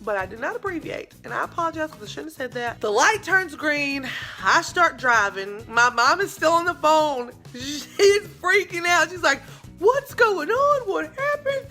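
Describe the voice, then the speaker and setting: A young woman telling a dramatic story in a casual vlog, with lively asides to her viewers. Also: sits high, normal speed. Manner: animated, dramatic retelling with asides. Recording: faint background music.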